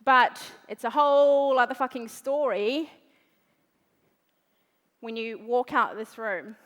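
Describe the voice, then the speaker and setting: A woman's voice: fairly high pitch, slow, fairly bright tone. A woman giving a brash, swearing motivational talk on a big event stage. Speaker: motivational speaker. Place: large event hall stage. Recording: reverberant large hall.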